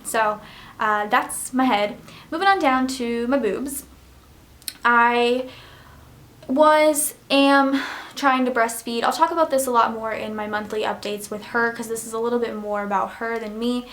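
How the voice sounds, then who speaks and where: Young woman, vlogger, casual chat, a bit high-pitched, rambling, lots of "like" and "um", emotional. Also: a bit bright. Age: young adult. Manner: rambling, heavy use of "like" and "um"; emotional, near tears at times.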